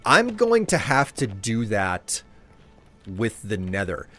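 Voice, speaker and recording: A male streamer chats casually with his viewers while he plays, rambling through his thoughts in a friendly, loose way. His voice sits on the lower side, and faint music runs underneath. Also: huge pitch swings, slow. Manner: rambling, chatty, warmly addresses viewers. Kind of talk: casual chat while gaming.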